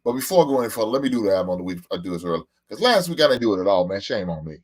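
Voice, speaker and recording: A man's voice: on the low side, sing-song, rapid-fire. A man in his forties hosting a casual live stream, talking loosely and profanely, laughing and reading out comments from his chat. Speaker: podcast host.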